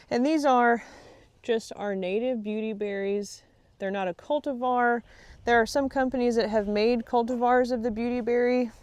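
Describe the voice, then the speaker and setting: A woman's voice: a little high, darkish tone, smooth, no room sound. A woman hosting a casual gardening vlog outdoors in her garden, chatty and easily distracted, laughing often. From Texas. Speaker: gardening channel host. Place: outdoor garden on a rainy day.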